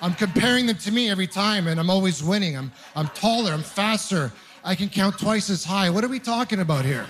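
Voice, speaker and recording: A man's voice: high voice, animated, brisk, background noise. A man from Ontario performing a stand-up comedy routine, telling self-deprecating stories with punchy timing. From Ontario, Canada.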